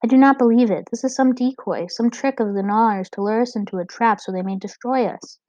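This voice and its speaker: A proud, wary giant bat warrior speaks in stiff, old-fashioned phrases, pitched a bit high and pushing forward loudly, as a woman reading a storybook acts him out. The sound is dull and dry, with no room around it. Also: a little fast, dry recording, natural voice. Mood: suspicious. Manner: formal, old-fashioned speech.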